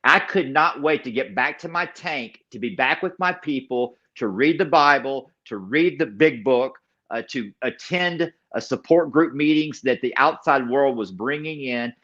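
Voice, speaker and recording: A man's voice: mid-range voice, measured pace, a bit bright, dull audio. Emphatic man telling his recovery story. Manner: emphatic storyteller, repeats key phrases; acts out other people's lines in the story. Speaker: podcast guest. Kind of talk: personal recovery testimony.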